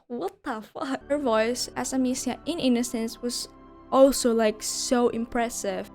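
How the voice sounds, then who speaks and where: A young woman reviewing a video game in a casual, gushing way, swearing and laughing often. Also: a little high.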